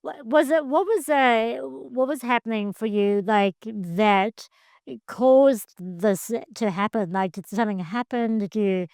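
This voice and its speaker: A woman hosting a casual interview, asking blunt, playful, quick-fire questions. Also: a little high, darkish tone, no room sound, clean studio sound. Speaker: podcast host.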